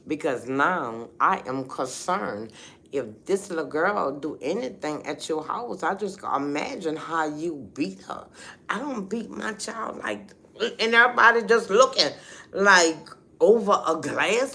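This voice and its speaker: Slow, heated middle-aged woman storyteller. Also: deep voice, lively intonation, bright, forceful tone. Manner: emphatic, heated, fills talk with "you know". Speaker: livestream host. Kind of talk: casual livestream storytelling.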